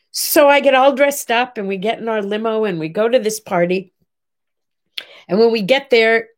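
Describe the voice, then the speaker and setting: An older woman telling an animated personal story in a chatty way, acting out the people she quotes. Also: medium pitch. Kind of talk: casual storytelling monologue.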